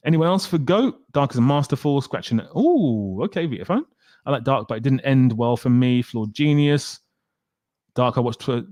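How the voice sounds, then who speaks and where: A man's voice: medium pitch, no echo, clean studio sound. A young man chatting casually on a live stream, reading out and reacting to viewers' comments with wry humor.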